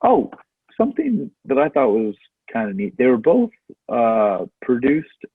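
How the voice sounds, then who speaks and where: Male podcast co-host, husky and relaxed, coming through a thin phone-like line. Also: medium pitch, a little slow, no echo. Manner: laid-back, says "dude" a lot. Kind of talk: casual movie chat.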